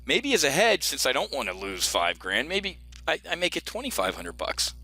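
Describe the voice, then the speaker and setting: Brash, bright-voiced middle-aged man teaching trades. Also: a little high, huge pitch swings, moderate pace, no room sound. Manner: brash, jokey, talks straight to viewers as folks. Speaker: options trading coach. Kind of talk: screen-share trading lesson. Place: home office.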